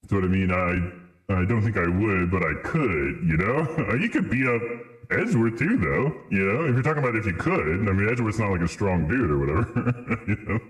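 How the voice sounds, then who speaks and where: A man's voice: fairly low pitch, expressive, moderate pace. A man streaming a game live, bantering playfully with chat and laughing often. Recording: roomy echo with music behind.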